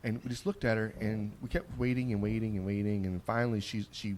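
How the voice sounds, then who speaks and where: A man hosting a podcast on location at a trade conference, his voice sitting a little low. He rambles through stories in a loose, salty way, restarting sentences as he goes, with a faint hum of noise behind him. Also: little pitch movement, quick pace, a little mellow. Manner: rambling storyteller, rough-spoken with restarts. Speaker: podcast host. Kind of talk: casual chat.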